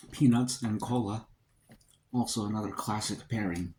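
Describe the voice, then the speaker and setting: Low-voiced man chatting over a meal. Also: a little hiss or hum, rough recording. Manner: relaxed, rambling, talks to himself between bites. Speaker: vlogger. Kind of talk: casual mukbang chat.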